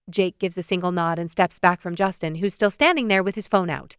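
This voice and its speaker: Expressive woman narrating a romance audiobook. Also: fairly low pitch, no room sound, clean studio sound. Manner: lively, expressive, quick to rise into excited questions. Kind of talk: first-person romance narration.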